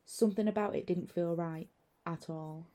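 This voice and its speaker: A young adult woman narrating a first-person horror story in a measured way, letting the unease build slowly. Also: fairly low pitch, steady tone, warm tone.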